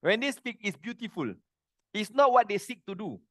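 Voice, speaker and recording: A middle-aged man teaching a religious lesson, earnest and plain-spoken, with animated delivery. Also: high voice, normal speed, no echo, studio quality.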